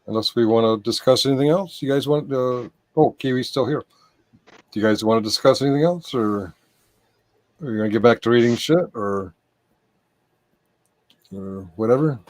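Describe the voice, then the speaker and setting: A man's voice: mid-range voice, a little mellow, dry recording. A man from the United States hosts a casual livestream, talking in a rambling way, full of false starts and repeated words. His voice sits in an ordinary middle range, and the sound is dry and close. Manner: rambling, halting restarts. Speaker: livestream host.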